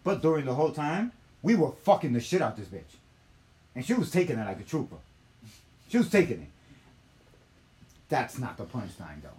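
A young man hosting a casual talk show, telling stories in an animated, profane style. His voice sits at a middling pitch and has an unpolished, conversational feel. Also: normal speed, long pauses. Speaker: host. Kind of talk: casual storytelling.

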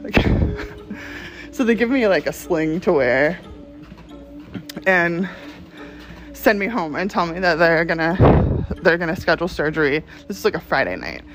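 Laughing, animated woman telling a story. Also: on the low side, measured pace, pauses often, faint music behind, rough recording. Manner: animated, laughing often, swearing. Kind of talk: casual storytime.

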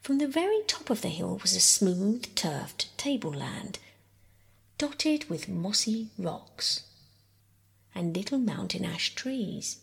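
A woman reading a classic children's story aloud as a soft bedtime audiobook, often half-whispering. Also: mid-range voice, sing-song, slow, gravelly, breathy edge. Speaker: audiobook narrator.

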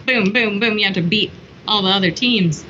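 A woman in casual chat, animated and exclamatory, cursing freely. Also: mid-range voice, moderate pace. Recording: dull recording with faint hiss.

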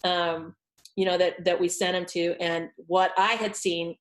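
A woman voice coach chatting on a podcast, telling lively stories and acting out what she said to clients. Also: lowish voice, unhurried, low-quality recording. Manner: animated storyteller, acts out quotes. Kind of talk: casual podcast chat.

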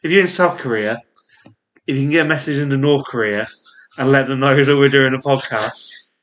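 A man's voice: mid-range voice, a little fast, a bit bright. A man with a Yorkshire accent co-hosting a podcast in casual chat. He laughs often and talks in rambling asides. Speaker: podcast co-host.

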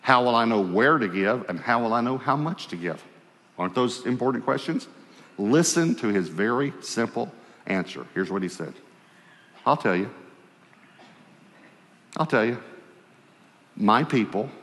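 A man delivers sermon storytelling in a hall full of reverberation. Animated in his telling, he performs the dialogue himself, going low and quiet to voice God.

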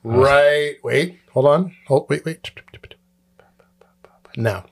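A man co-hosting a podcast in casual chat, animated and quick to laugh, often acting out voices. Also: a little high, creaky. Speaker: podcast co-host.

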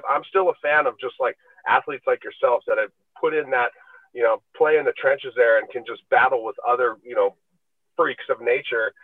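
A man's voice: a little high, no echo. A man in his forties, a former football player, telling laid-back, rambling stories with many fillers, joining over a call from a bus. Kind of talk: casual storytelling. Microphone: remote call. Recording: dry, tinny call line.

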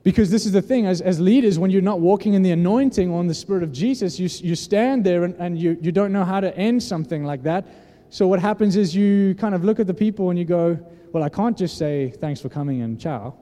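A man's voice: high-pitched, quick pace, hardly any pauses, mellow. A man preaching a sermon in an earnest, conversational way, often restarting his sentences. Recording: long hall reverb.

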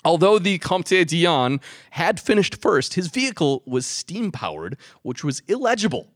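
A man co-hosting a relaxed podcast, speaking with lively, animated pitch that rises and falls a lot. He tells stories in a chatty way and laughs often. The voice sits a bit high for a man, and the recording is close and dry. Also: measured pace, no room sound. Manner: animated, laughs often, hams up a mock French accent. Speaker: podcast co-host. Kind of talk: casual chat about rally history.

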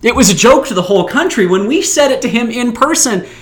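A man in his thirties or older from Utah, hosting a podcast and telling an anecdote in a chatty, animated way. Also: very high-pitched, quick pace, breathy edge. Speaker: podcast host. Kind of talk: storytelling anecdote.

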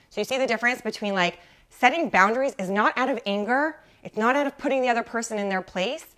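A woman's voice: on the high side, fast, fairly bright tone. Mom coach lady talking live, chatty, keeps saying right and like, says hi to viewers. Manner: chatty, keeps asking "right?" and uses lots of "like"; greets viewers by name mid-talk. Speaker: mom life coach hosting a live show. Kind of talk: casual coaching talk on a live stream.

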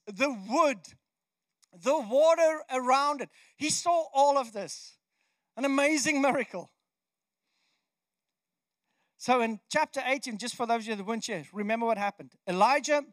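Male pastor, very high voice, chatty and animated sermon delivery, dry close sound. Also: no echo. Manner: conversational, animated, frequent restarts.

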